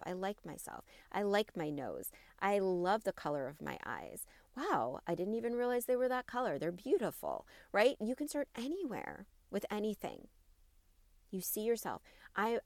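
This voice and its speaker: A woman in her thirties hosting a wellness podcast, talking warmly and encouragingly to her listeners, often checking in with "right?". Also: on the low side, no echo, clean studio sound. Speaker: podcast host and wellness coach. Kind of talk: solo podcast talk.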